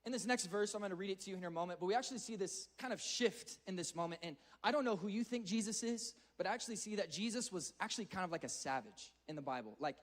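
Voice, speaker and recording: A man's voice: sits high, expressive, fast, hardly any pauses. A man giving an earnest, conversational sermon to a youth audience, often repeating words as he speeds up. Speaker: youth speaker.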